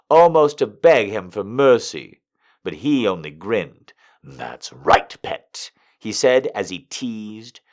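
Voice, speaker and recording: A man narrating an audio story in an expressive, measured way. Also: medium pitch.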